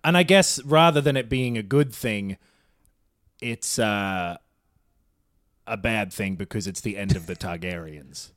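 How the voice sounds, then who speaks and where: Laid-back low-voiced man, casual recap. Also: a little slow, long pauses, fairly bright tone, no echo, clean studio sound. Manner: laid-back, swearing, trailing off with fillers. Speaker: podcast co-host. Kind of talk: casual chat recapping a TV episode.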